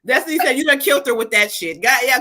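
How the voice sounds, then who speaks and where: With a high, pushed and bright voice, a woman talks quickly and animatedly on her live psychic stream, joking, laughing and cursing with viewers she addresses directly before turning to their card readings. Slight background noise can be heard.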